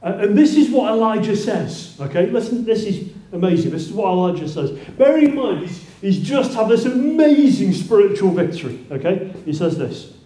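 Higher-voiced man preaching in an echoey church. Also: lively intonation, normal speed, hardly any pauses, mellow. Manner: conversational, with many restarts and rising exclaims. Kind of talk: sermon. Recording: roomy echo.

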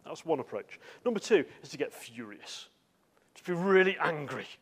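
A man's voice: on the high side, very animated, normal speed, slightly rough. A man giving a sermon in a church, talking conversationally with asides and filler words. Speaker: preacher.

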